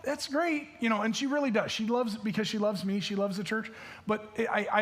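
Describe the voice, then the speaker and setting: High-voiced casual man preaching. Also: a bit bright. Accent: Michigan. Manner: casual, filler-heavy with many restarts. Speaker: pastor. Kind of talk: sermon. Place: church stage.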